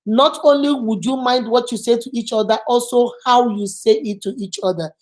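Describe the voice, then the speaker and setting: A woman's voice: fairly high pitch, moderate pace, a little mellow. A middle-aged woman hosting a channel, giving advice in earnest, emphatic casual talk and repeating words for stress. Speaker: channel host.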